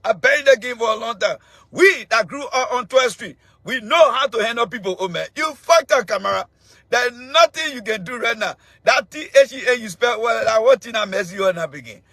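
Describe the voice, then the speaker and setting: A middle-aged man with a Liberian accent rants through a political commentary monologue, his high voice bright and cutting against a dry, close mic. He repeats himself, loops back and jabs at his listeners. It is the loose talk of an online show host. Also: lively intonation, a little fast, dry recording. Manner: mocking, laughing, shouting insults at a commenter; loose, repetitive, ranting.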